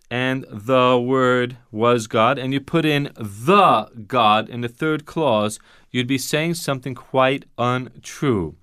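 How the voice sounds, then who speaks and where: A man's voice: mid-range voice, fairly bright tone, smooth, dry recording, clean studio sound. A man teaching Bible Greek grammar in an emphatic way, asking rhetorical questions and repeating his key points.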